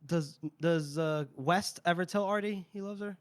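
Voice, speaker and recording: Man, podcast co-host, casual chat, slightly high voice, dry close sound. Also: moderate pace, clean tone, no echo. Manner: animated retelling, swearing, laughing.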